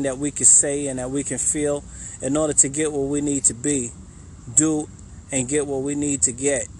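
A faith and fitness coach leads guided affirmations in a casual, encouraging, conversational style, repeating himself a lot and often saying "you know what I'm saying." His voice is fairly high, with background noise behind it.

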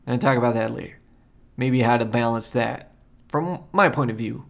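A man at an ordinary middle pitch talks through a solo spiritual podcast. He drifts from thought to thought, circles back, and repeats phrases. His talk is loose and casual, full of ums and side remarks. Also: fairly quick, gravelly. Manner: rambling and meandering, repeats himself; loose and conversational, with frequent ums and asides. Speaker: podcast host.

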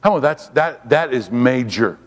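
A man's voice: mid-range voice, expressive, normal speed, long reverb tail. A man giving a sermon as a guest preacher, fervent and repetitive, calling on the congregation to respond. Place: church.

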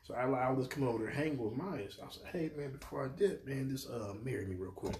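A man's voice: medium pitch, fast talker, roomy sound, noisy background. A man, a pastor and podcast co-host, telling a story in casual chat and acting out the voices of people he quotes.

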